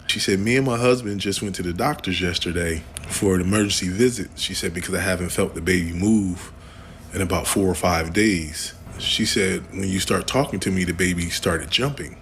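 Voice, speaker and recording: A man telling a personal story in a jokey, animated way. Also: low-pitched, moderate pace, slight background noise. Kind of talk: personal anecdote.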